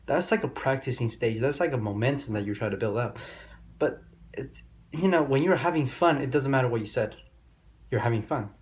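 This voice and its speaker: A young man talks straight to camera in a casual vlog monologue. He rambles and swears freely, stringing together stories with loose, run-on grammar. His voice sits at an ordinary, middle pitch for a man. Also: a little fast. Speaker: vlogger giving dating advice.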